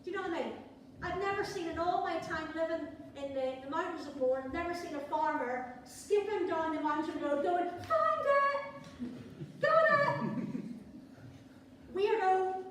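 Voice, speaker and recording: A woman with a high voice preaches a sermon in a church, her tone conversational and sprinkled with playful asides. She sounds picked up from a distance, with strong reverb in the room and a faint hum of ambience. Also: a little fast. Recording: echoey church hall from far off.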